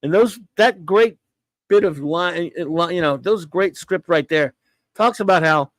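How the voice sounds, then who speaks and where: Eager rambling guy retelling scenes, kinda high voice, dry sound. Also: unhurried, no room sound. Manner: rambling and enthusiastic, acts out quoted dialogue. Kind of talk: casual chat.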